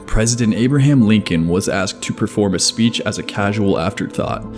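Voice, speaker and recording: A man with a somewhat low voice reads a scripted video essay. His delivery is measured and evenly explanatory, never rushed. Faint music plays quietly behind him. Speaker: narrator. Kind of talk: scripted narration. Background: faint background music.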